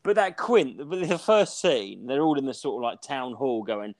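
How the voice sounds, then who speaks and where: A man in his forties, a podcast co-host, rambling and swearing as he tells animated stories in casual chat. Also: medium pitch, moderate pace. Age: 40s.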